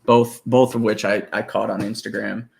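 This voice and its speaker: A man with a low, gravelly voice talks loosely and at length. He swears constantly and breaks into laughter between thoughts, the way people talk in a relaxed hangout. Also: normal speed. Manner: rambling, swears freely, laughs often. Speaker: guest musician. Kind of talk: casual profane chat.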